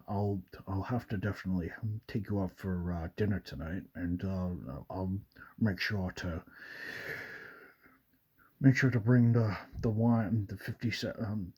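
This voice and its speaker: A man doing an impression of a suave older male secret agent in a relaxed, drawling celebrity voice. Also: low voice, breathy edge.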